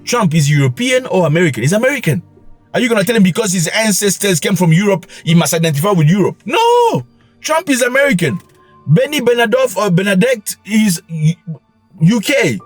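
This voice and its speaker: A man hosts his own commentary show, lecturing his audience in an emphatic, scolding way. His husky voice is pitched a little high and leaps widely between highs and lows. Faint music sits under him. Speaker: commentary channel host. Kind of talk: opinionated commentary monologue.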